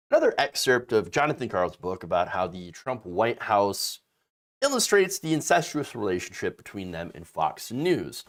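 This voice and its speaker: A male political commentator delivering sarcastic, mocking commentary with a lively, swinging pitch. He drops casual profanity and mock asides as he talks. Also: measured pace.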